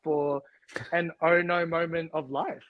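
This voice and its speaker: A man's voice: fairly high pitch, takes it slowly, no echo, lo-fi sound. An Australian man in his thirties co-hosting a podcast, chatting casually, laughing often and ranting with energy. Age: 30s. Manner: giggly, animated ranting. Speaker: podcast co-host. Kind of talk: casual chat.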